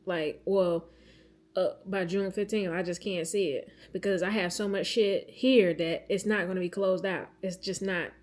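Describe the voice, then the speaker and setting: A woman's voice: fairly low pitch, steady tone, moderate pace, darkish tone. A woman in her thirties talking candidly to camera in a casual vlog, venting about her week and swearing freely. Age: 30s. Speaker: vlogger.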